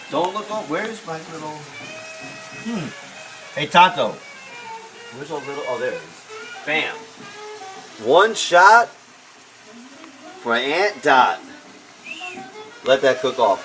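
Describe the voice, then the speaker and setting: Casting: male home-cook host, joking, loud catchphrases, clear music underneath. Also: medium pitch, low-quality recording. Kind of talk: casual live cooking show. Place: home kitchen with pan sizzling.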